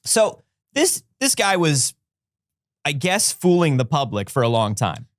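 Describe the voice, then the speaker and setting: A woman co-hosting a casual talk show, wry and quick to joke. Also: deep voice, very animated, no echo, clean studio sound. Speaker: co-host. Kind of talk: casual chat.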